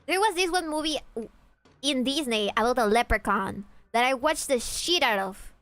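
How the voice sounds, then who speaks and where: A woman's voice: sits high, expressive, moderate pace, fairly bright tone. A young woman from Peru, streaming a game and joking and teasing with her chat, swearing casually. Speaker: VTuber streamer.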